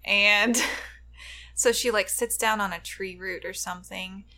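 A woman co-hosting a podcast, retelling a film in casual chat with deadpan jokes and frequent giggles. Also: medium pitch, a little slow. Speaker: podcast co-host.

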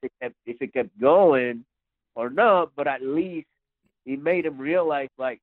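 A man's voice: medium pitch, a little slow, dry recording. A man as a podcast guest, telling a story casually, rambling and repeating his words. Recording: dry tinny phone-like line.

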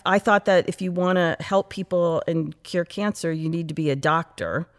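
A middle-aged woman from the United States, an interview guest, telling stories in a lively, chatty way and acting out her past self. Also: lowish voice, moderate pace. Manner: animated, quotes her past self, frequent laughs and "like". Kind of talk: casual interview storytelling.

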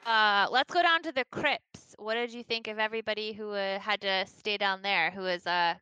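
A woman chats casually about a TV episode in a bright, sharp-edged voice. Her tone is smooth and crisp and sits at a middle pitch. The sound is dry and close with no room around it. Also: normal speed, dry recording, lo-fi sound. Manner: casual, giggly, uses "like" often. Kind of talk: casual TV recap chat.

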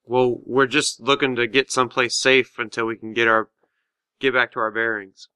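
A man player in a tabletop session who talks in a hesitant, stumbling way. His voice is bright and crisp, and the close recording has no room sound. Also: mid-range voice, flat delivery, moderate pace, no room sound. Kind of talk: tabletop role-play chat.

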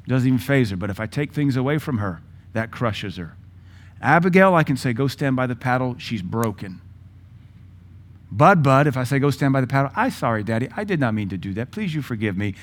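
Man, 30s, pastor, sermon, blunt, folksy, mid-pitched voice. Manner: folksy, blunt preaching with acted-out quotes of his kids.

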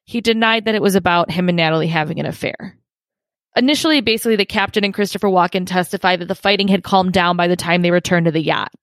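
A woman's voice: lowish voice, quick pace, dry recording. Chatty woman podcast co-host, dry sound. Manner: chatty, laughs often, recounts story. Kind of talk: casual true-crime chat.

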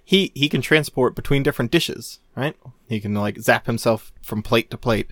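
A man's voice: mid-range voice, moderate pace, fairly bright tone, no room sound, clean studio sound. A man on a casual podcast telling a long rambling story, laughing often and restarting his sentences. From Maine, USA. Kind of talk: casual chat.

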